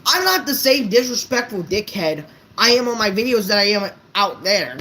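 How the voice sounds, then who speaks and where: A woman's voice: mid-range voice, big pitch swings, moderate pace, bright, forceful tone, low-quality recording. A woman vlogger ranting unscripted to her viewers, blunt and profane, stumbling over her words. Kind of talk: unscripted rant to camera.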